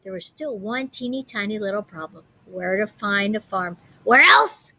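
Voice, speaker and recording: A woman reading a picture book aloud, animated, with playful comments on the pictures. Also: mid-range voice, normal speed, vocal fry. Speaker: storybook reader.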